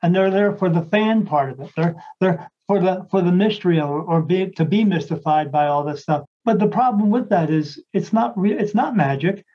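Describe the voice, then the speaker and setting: A man's voice: sits high, normal speed, hardly any pauses, muffled recording. A man, a psychic medium, chatting casually and telling a long story in a rambling way, with lots of restarts and acted-out quotes.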